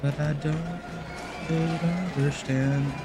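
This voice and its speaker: A man's voice: on the high side, flat delivery, takes it slowly, over music, crowd noise. A man hosting a live stream, reacting to an old fight show with sarcastic, joking asides. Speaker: stream host.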